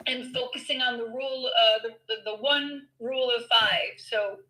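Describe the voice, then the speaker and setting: A woman chatting casually in a live audio room, talkative and excitable. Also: on the high side, moderate pace, poor audio. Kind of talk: casual chat.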